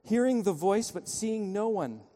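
A man preaching a sermon in a church, with a fairly high but mellow voice. He tells a story and pleads with his listeners, moving between loud passages and quiet ones. A long reverb trails after his words in the sanctuary. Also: animated, measured pace. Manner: storytelling, urgent pleading, dramatic shifts in loudness. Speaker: pastor.

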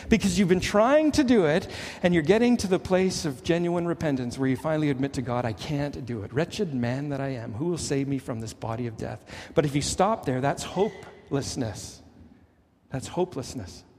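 A middle-aged man from Canada preaching a sermon as pastor, earnest and emphatic, swinging between pressing highs and hushed lows. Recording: long hall reverb.

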